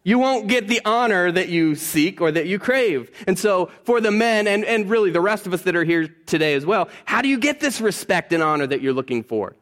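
Guy preaching a sermon, kinda high voice, chatty, keeps asking the church stuff. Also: a little fast, few pauses. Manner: conversational preaching, animated, asks the congregation questions. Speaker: pastor.

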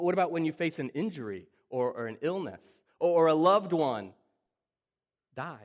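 Animated, slightly high-voiced male preacher. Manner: animated preacher, acts out panicked voices, frequent restarts. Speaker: pastor. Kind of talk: sermon.

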